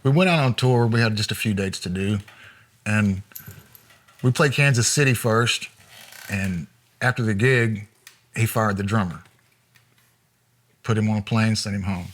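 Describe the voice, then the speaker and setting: A man, a former road manager, telling road anecdotes in a relaxed interview with frequent chuckles. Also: lowish voice, unhurried, pauses often. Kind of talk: storytelling interview.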